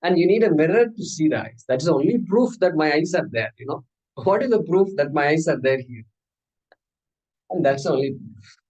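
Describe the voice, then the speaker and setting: At a normal speed and with poor audio, a slightly high-voiced man teaches a scripture class in a conversational, playful way. He asks rhetorical questions and acts out small scenes with animation.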